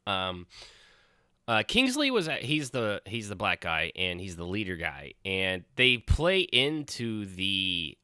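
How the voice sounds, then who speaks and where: Man, podcast host, low voice, dry close sound, rambling, swears freely. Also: big pitch swings, takes it slowly, pushed and bright, clear, resonant tone, no echo. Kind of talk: casual chat.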